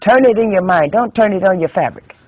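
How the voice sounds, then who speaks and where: A woman's voice: medium pitch, animated, brisk, no echo, voice pushed up, natural voice. A man voicing a stern older female knitting teacher who scolds and corrects, in a tinny, dry, phone-like recording. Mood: scolding. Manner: bossy, scolding, emphatic.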